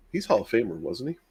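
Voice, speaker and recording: Low, husky man, close and dry. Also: no echo. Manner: agreeable, easygoing, quick interjections. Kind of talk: casual chat.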